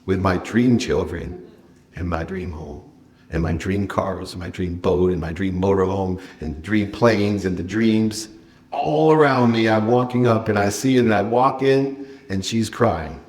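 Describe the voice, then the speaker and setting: A man giving a motivational keynote at a conference, telling a personal story with dramatic swings from loud bursts to hushed confession. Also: low voice, measured pace. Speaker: keynote speaker. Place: conference stage.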